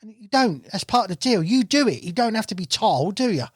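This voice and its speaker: A man, a guest angler on a podcast, telling stories in a casual, animated way, swearing freely and acting out what people said. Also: sits high, a little fast, breathy edge, no echo, studio quality. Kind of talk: casual storytelling chat. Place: podcast studio. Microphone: studio mic.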